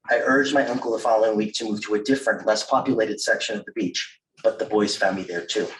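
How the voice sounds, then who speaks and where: A man's voice: fairly low pitch, slight background noise. Man reading memoir in a roomy hall. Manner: measured, wry delivery with self-amused asides. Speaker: author reading his memoir. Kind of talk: live literary reading of memoir prose. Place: reading event room. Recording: roomy, distant mic at a live reading.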